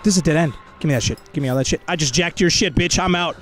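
A young man playing a horror game, swearing, pleading and shouting in panic. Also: a little high, rapid-fire, over loud music. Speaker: VR gamer and host. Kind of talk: panicked gaming commentary.

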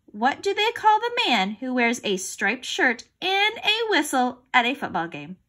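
A woman's voice: sits high, big pitch swings, unhurried, pushed and bright, full character voice. A woman reading a storybook aloud, voicing a male school principal who runs a quiz game for children. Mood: cheerful.

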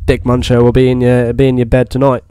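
A man's voice: mid-range voice, fast, a little hiss or hum. A British man with an English accent commenting on a horror game as he plays, reacting jumpily and swearing a lot. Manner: jumpy, swearing, excitable reactions. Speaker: gaming YouTuber.

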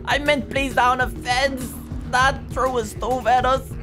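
A gaming channel host giving excited gameplay commentary, often yelping and shouting. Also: high voice, measured pace, over music.

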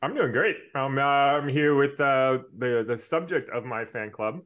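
A man guesting on a talk show, eager and halting, with many fillers. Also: medium pitch, highs cut off. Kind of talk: casual chat.

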